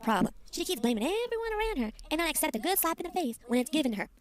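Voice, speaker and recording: A woman's voice: sits high, very animated, racing. Sarcastic woman through a voice modulator. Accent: put-on Southern US. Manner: mocking, sarcastic. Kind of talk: commentary video.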